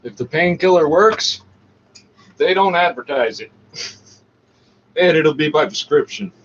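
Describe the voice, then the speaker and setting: A man's voice: fairly high pitch, lively intonation, takes it slowly, slight background noise. A man ranting casually over the radio, mocking and swearing as he talks. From Canada. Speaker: commentator talking over a radio broadcast. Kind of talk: casual profane rant. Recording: dull lo-fi recording.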